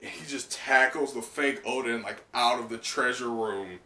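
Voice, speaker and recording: A man hosting a casual live reaction, excitable and laughing often, with plenty of fillers and swearing. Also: medium pitch, moderate pace. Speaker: channel host. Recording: echoey room, mic at a distance.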